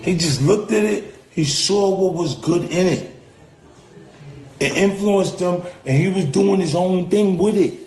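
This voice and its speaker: A man telling a profane, animated story in a casual way and acting out the voices he quotes. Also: high-pitched, measured pace, echoey room. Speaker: rapper recalling an encounter.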